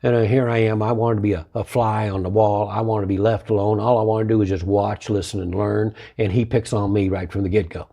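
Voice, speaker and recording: A man with a low, husky voice hosts a motivational lesson. He tells his stories in a folksy, conversational way and comes back to the same key phrases. His tone is mellow rather than bright. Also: little pitch movement, brisk, hardly any pauses. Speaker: host and martial arts business owner. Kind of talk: motivational storytelling talk.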